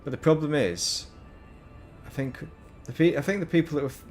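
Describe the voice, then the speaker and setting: Faint music plays behind this streamer from Northern England, whose fairly quick voice is on the high side and a little mellow. He chats casually over his gameplay, drifting into rambling, self-mocking comments.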